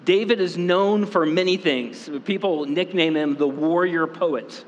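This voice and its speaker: A man preaching a sermon as pastor, talking casually with many fillers and quick asides. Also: high voice, lo-fi sound, a little hiss or hum. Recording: long reverb in a hall.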